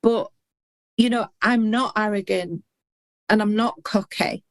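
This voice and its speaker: A woman's voice: medium pitch, fairly even intonation, a little slow, dry recording. A middle-aged woman speaking as a podcast guest, earnest and heartfelt, often restarting words as she talks. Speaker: guest, intuitive healer and hypnotherapist. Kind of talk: candid podcast conversation.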